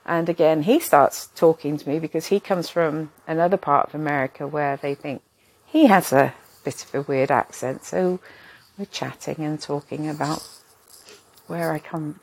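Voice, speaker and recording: A woman's voice: deep voice, normal speed, darkish tone, breathy edge. An older woman telling a rambling, chatty story about her own day, often poking fun at herself. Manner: chatty, rambling, self-deprecating. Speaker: vlogger. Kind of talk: casual storytelling.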